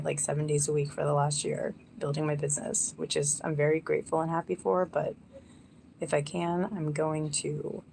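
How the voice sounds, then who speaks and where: A woman's voice: deep voice, creaky, darkish tone, a little hiss or hum. A young woman rambling casually on a live stream, chatty and self-mocking.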